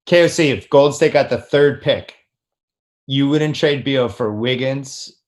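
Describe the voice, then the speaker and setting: Man hosting a basketball chat. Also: medium pitch. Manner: quick, teasing, steers the talk. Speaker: podcast host. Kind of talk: casual sports talk.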